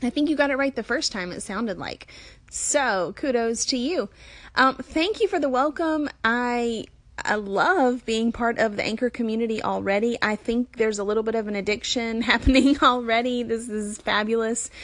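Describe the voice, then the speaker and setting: A woman's voice: fairly high pitch, moderate pace, a bit bright, dry recording. A woman from Alabama with a Southern American accent, chatting casually in a phone call-in, friendly and full of fillers. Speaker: new podcast app user on call-in.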